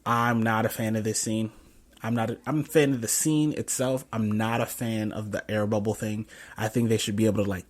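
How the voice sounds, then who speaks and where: Young male host, lowish voice, loose rambling film-review chat full of fillers. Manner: rambling, many fillers and self-corrections. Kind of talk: casual film review commentary.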